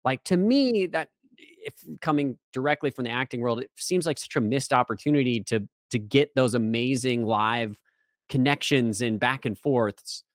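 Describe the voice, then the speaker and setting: A man from the United States, a guest actor, talking in a casual interview and getting animated when excited. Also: mid-range voice, normal speed, no echo, studio quality.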